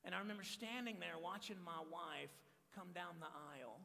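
A man in his forties from Texas, a pastor preaching a joking, energetic sermon to men and repeating his key phrases. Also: high voice, fast talker, creaky, few pauses, big-room sound. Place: church hall.

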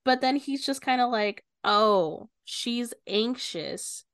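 A woman's voice: on the high side, takes it slowly, smooth, no echo, studio quality. A woman co-hosting a book podcast, casually recapping a novel, swearing freely and acting out the characters' lines.

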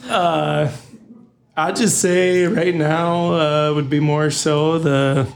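A man, a podcast guest, speaking in a slow, laid-back way in a casual chat. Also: a little high, fairly even intonation, gravelly.

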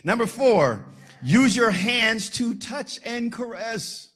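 A man preaching a sermon as pastor, animated and joking with the congregation, shouting at times for emphasis. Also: very high-pitched, slow, husky.

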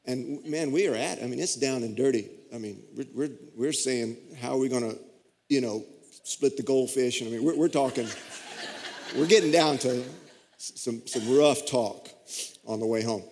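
A man's voice: medium pitch, moderate pace, darkish tone. A middle-aged man, a pastor preaching a sermon and telling a story with folksy, self-deprecating humor. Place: church sanctuary. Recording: long church reverb.

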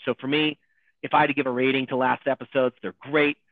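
Excited man on a tinny dry line. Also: medium pitch, no room sound. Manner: excited, rapid questioning. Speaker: podcast co-host. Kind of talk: casual chat.

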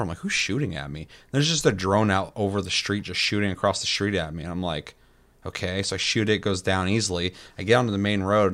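A man in casual chat, animatedly retelling a chaotic video game moment with lots of swearing. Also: fairly low pitch. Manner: animated storytelling, heavy swearing.

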